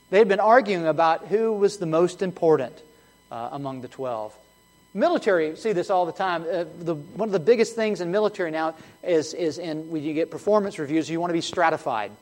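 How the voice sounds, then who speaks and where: A man preaching a sermon, earnest and emphatic, often restarting his words and swinging between loud and hushed. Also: fairly high pitch, fairly quick. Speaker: pastor.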